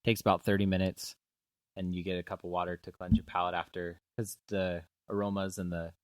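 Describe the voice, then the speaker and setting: Deep-voiced man rambling in casual chat. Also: flat delivery, fairly quick, no room sound. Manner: rambling, restarts his sentences. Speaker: podcast host. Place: small studio.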